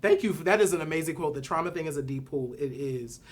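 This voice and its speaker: A woman's voice: deep voice, fast talker. A woman co-hosting a casual discussion, candid and conversational, reading out viewer comments. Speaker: podcast co-host.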